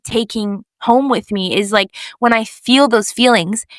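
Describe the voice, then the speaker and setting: A woman's voice: a little high, measured pace, no echo. A young woman co-hosting a casual faith podcast, telling a story with lots of "like" and acting out the voices of the people in it. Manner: animated storyteller, acts out quoted voices, lots of "like". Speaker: podcast co-host.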